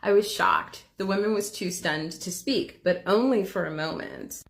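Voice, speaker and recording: A woman speaks at a middle pitch, telling a personal story in a candid, casual way. Her delivery is conversational, with plenty of filler words as she comments on a video. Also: normal speed, vocal fry. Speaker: reaction video host.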